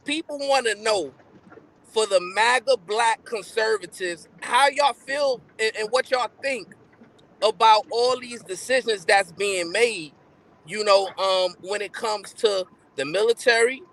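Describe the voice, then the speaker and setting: A man's voice: sits high, a little slow, a bit bright, low-quality recording. A man co-hosting a live stream, rambling and hesitant with many fillers. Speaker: show co-host. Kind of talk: casual live stream chat.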